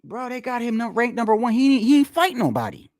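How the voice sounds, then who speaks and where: Man, heated boxing rant, lively swinging pitch, dry close sound, profane and repetitive. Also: a little fast, dry recording. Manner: profane, repetitive, heated, talks straight to viewers. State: tired after a long day. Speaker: boxing commentator. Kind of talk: casual ranting commentary.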